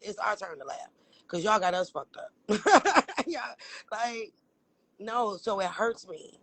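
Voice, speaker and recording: A woman holds forth on a casual livestream, emphatic and profane, breaking into laughter often. Her voice sits at a middling pitch and sounds close and dry, with no room around it. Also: expressive, takes it slowly, fairly bright tone, no room sound, rough recording. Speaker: livestream co-host.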